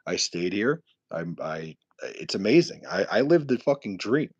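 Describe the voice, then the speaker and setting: A man's voice: fairly low pitch, big pitch swings, normal speed, no room sound, highs cut off. A young man from New City, streaming live and trash-talking viewers in profane, mocking chat. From New York City.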